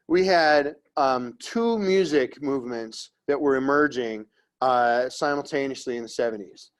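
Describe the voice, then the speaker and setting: A man teaching an art history class in a loose, conversational way, often checking in with students by asking "right?" and "okay?" and teasing them along the way. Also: medium pitch. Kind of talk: casual classroom lecture.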